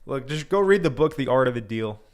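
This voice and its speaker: A young man hosting a livestream, speaking casually with lots of fillers and restarts. His voice sits at an ordinary middle pitch. He reads viewer comments aloud between his own thoughts. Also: animated, brisk, clear, resonant tone. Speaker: crypto livestream host.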